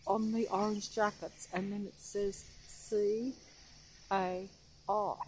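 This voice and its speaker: A woman's voice: mid-range voice, flat delivery, takes it slowly, slight background noise, rough recording. An older woman vlogging outdoors, rambling and losing her place as she reads a plaque, often out of breath. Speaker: local history vlogger. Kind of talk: rambling walking vlog.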